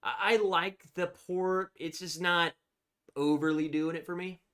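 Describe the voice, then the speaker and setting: A man's voice: sits high, steady tone, measured pace, fairly bright tone, clear, resonant tone. A man hosting a casual livestream, chatting freely, laughing often and reacting to viewer comments. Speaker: livestream host.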